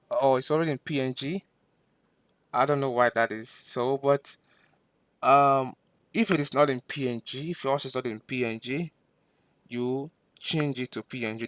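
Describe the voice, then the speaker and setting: Recorded with no room sound, this mid-range male instructor walks through a software lesson on screen. He's patient and methodical, going step by step, repeating points and leaning on fillers.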